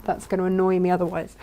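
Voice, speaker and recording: This sewing vlogger has a lowish, mellow voice. She talks herself through each step of a chatty tutorial with self-deprecating remarks as her sewing machine runs.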